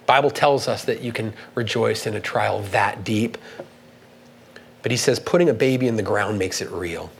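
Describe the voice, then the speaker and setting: A man preaching a sermon, earnest and halting, with many restarts, reading quoted passages with rising emphasis. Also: on the low side, vocal fry, slight background noise, rough recording. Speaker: pastor.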